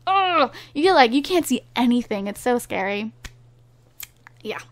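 Woman, high voice, casual gameplay commentary, chatty, filler-heavy, teasing. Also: very animated, measured pace. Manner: chatty, lots of filler words, teasing the game characters. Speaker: gameplay video host. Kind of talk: casual let's-play commentary.

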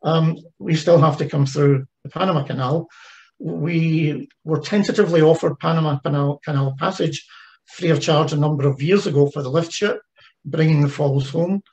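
A man's voice: fairly high pitch, normal speed, darkish tone, rough recording. A man giving an online presentation about a heritage ship project, talking conversationally with frequent fillers and restarts. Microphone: video call.

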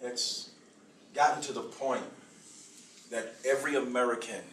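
A middle-aged man, a bishop, giving a speech to an audience in a preaching style. He stresses his points, repeats phrases and uses slow dramatic pauses. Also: mid-range voice, steady tone, a bit bright, slight background noise. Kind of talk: preaching-style public address. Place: event hall before an audience. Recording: echoey hall from far off.

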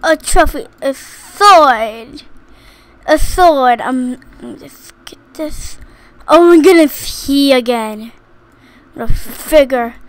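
A woman's voice: high voice, animated, slow pace, long pauses. A woman giving playful gameplay commentary, giggling, singing little la-las and taunting other players in a mock-menacing way. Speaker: gaming YouTuber.

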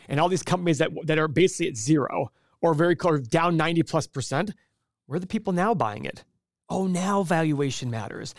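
A middle-aged man talks through investing in a casual, emphatic way, firing off rhetorical questions and acting out what others say. His voice sits a little high for a man. The sound is close and dry, with no room around it. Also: no echo. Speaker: investing show host. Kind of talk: casual explanatory talk to camera.

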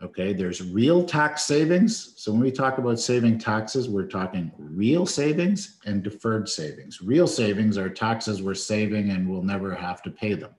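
Low-voiced man explaining taxes. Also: animated, moderate pace, hardly any pauses, roomy sound. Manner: plain-spoken, checks understanding with repeated "okay". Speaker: accountant co-host. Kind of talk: explaining tax in a live webinar.

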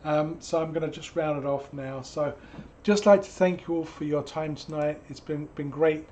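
Hoarse chatty man teaching painting. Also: fairly high pitch, steady tone, normal speed, a little mellow, a little hiss or hum. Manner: chatty and digressive, with jokey asides. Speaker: painting instructor. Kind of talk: live-stream painting demo with Q&A.

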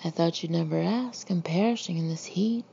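A woman's voice: on the low side, normal speed, vocal fry, warm tone. A woman voicing a tiny, elegant old Southern lady who speaks in a prim, courteous way, in a muffled lo-fi recording. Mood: genteel. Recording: muffled lo-fi recording with faint hiss.

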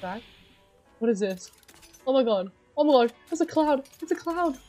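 A woman streamer giving excitable live commentary on her gameplay, shrieking and laughing at each moment. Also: high voice, normal speed, soft background music.

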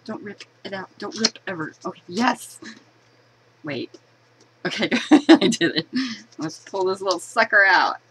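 A woman's voice: medium pitch, fairly bright tone, slight background noise, low-quality recording. A woman chatting casually while unboxing a collectible, giggling and poking fun at herself. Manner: chatty, giggly, self-mocking.

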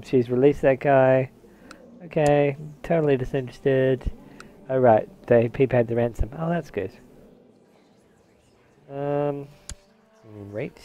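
Warm in tone and medium in pitch, this man provides casual commentary on a game he's playing. He muses to himself, seems half-distracted, and now and then adopts a mock posh old-English put-on.

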